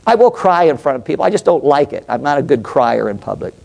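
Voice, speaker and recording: A man's voice: mid-range voice, very animated, fast talker, creaky, darkish tone. A middle-aged man, a pastor and psychologist, preaching a passionate, emphatic sermon and putting questions to the congregation.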